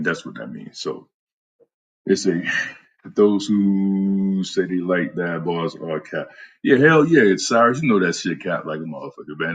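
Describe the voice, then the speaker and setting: Husky, low-voiced man talking fitness. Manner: loose, profane, repeats himself with many fillers. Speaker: fitness podcast host. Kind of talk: casual talk answering listeners.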